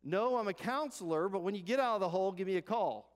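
A pastor putting on a brisk counselor who answers in a raised, breezy voice and brushes the request aside. The voice carries a long hall echo. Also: male voice, high voice, animated, pitched above the performer's own voice. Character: brisk male counselor passing by.

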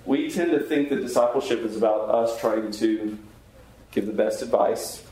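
A man who serves as a chaplain teaches Bible class in a warm, medium-pitched voice at a moderate pace. He is earnest and conversational, putting questions to those present, while the room echoes strongly over a faint hiss.

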